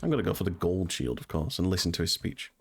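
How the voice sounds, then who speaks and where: Low-voiced man commentating his game. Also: fast talker, creaky, a little hiss or hum. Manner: relaxed, rambling, with frequent ums and uhs. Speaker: speedrunner streamer. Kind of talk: casual gameplay commentary. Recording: voice over game music.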